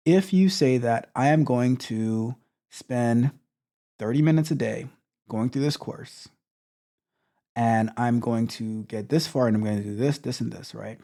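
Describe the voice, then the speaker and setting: A man's voice: mid-range voice, unhurried, dark tone. A man coaching viewers in a blunt motivational talk, restarting words often and repeating his points. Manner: blunt, repetitive, stammering restarts. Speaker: tech coach.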